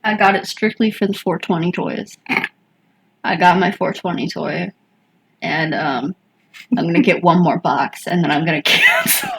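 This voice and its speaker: A woman's voice: fairly low pitch, wildly swooping pitch, moderate pace, vocal fry, a bit bright, a little hiss or hum. A young woman co-hosting a casual podcast, laid-back, swearing freely and laughing often. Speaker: podcast co-host.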